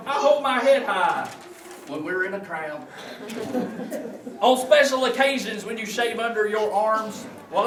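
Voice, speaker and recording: A man doing a folksy comic routine in a church, telling stories in a hillbilly drawl. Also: very high-pitched. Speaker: church comedian. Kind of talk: comic storytelling in character. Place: church sanctuary. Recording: echoey church, distant mic, noisy.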